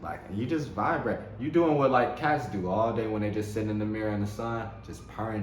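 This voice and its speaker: Speaking fast with hardly any pauses, this host of a spiritual self-help talk has a fairly low, lively voice. His enthusiasm shows in frequent laughter and repeated words, captured in an echoey room with faint noise behind him.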